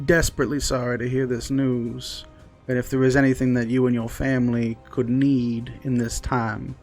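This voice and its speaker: A man's voice: mid-range voice, gravelly. A man voicing a frail old male gnome businessman who speaks formally and politely, with hesitations. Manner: courtly, overly polite, hesitant.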